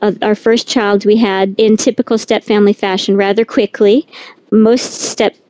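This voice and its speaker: A woman's voice: mid-range voice, level tone, normal speed, warm tone, no echo, poor audio. A middle-aged woman author talking candidly and with animation as a guest in an interview. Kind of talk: conversational interview.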